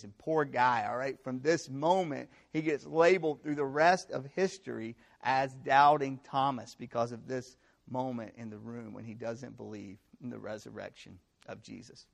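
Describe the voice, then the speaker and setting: A young man preaching a conversational sermon to students, with animated storytelling and frequent rhetorical check-ins. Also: mid-range voice, creaky. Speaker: campus pastor.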